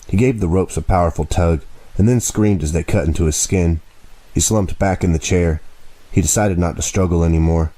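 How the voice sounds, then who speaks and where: Deep, mellow man narrating an audiobook. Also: moderate pace, low-quality recording.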